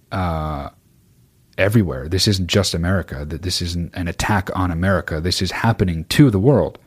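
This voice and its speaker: Low-voiced, foul-mouthed podcast host. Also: male voice. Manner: swears constantly, rambling and blunt. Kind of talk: casual chat answering listener questions.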